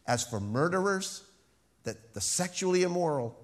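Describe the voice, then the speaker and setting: A man's voice: mid-range voice, expressive. Emphatic male preacher. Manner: emphatic preaching with slow stressed phrases. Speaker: pastor. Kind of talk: sermon.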